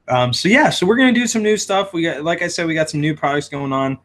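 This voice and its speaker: A man's voice: a little high, lively intonation, fast talker, hardly any pauses, a bit bright. A man who runs a shrimp shop, hosting a casual livestream with lots of fillers as he reads viewer comments aloud. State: hiccuping.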